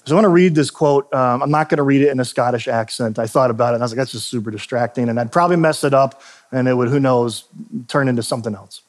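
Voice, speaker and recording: A man's voice: medium pitch, fast. A male pastor giving a sermon in a church, talking in a loose, conversational way with frequent restarts and asides. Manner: conversational, self-deprecating, frequent restarts and fillers.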